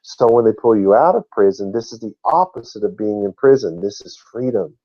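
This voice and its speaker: A man's voice: fairly low pitch, animated, a little fast, mellow, lo-fi sound. A man teaching a Bible lesson in a sermon style, emphatic and drawing out key words, and he laughs at his own slips.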